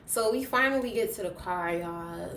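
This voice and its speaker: A young woman vlogger telling a story in a casual, animated way, her voice jumping from soft to loud as she relives it. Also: fairly low pitch, moderate pace, heavy background noise. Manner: animated, dramatic retelling with big swings in loudness. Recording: roomy echo.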